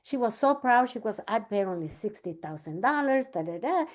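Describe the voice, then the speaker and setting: A woman's voice: fairly high pitch, lively intonation, moderate pace. A woman coaching a business team in a casual talk, telling a story and acting out both sides of the conversation. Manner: chatty, many fillers and restarts.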